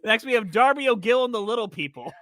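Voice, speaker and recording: A woman's voice: a little high, lively intonation, fast, a bit bright, dry recording. A woman hosting a podcast, chatting casually and laughing often as she trails off. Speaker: podcast host. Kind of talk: casual chat.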